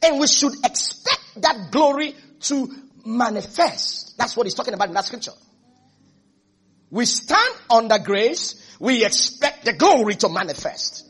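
A man preaching a sermon as pastor, emphatic and repetitive, now and then rising to shouts. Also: very high-pitched, big pitch swings, a little slow, husky.

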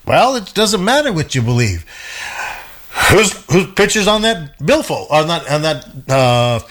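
A man leads a relaxed Bible study in a conversational way. He speaks emphatically, repeats words as he thinks, and acts out the voices in the stories he retells. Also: on the high side, measured pace. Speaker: Bible teacher.

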